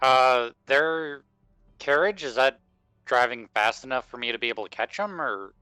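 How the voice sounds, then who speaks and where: A man's voice: mid-range voice, normal speed, bright, forceful tone, smooth, dry recording, soft background music, low-quality recording. A man playing a tabletop game, speaking hesitantly and thinking aloud with many fillers. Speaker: player.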